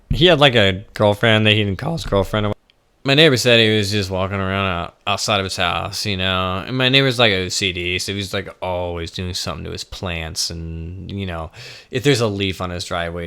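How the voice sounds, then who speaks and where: A young man spins a rowdy personal story in loose everyday talk. His voice is bright and forward, and he swears freely and laughs at his own tale as he goes. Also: low-pitched, creaky, clear, resonant tone. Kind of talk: casual storytelling.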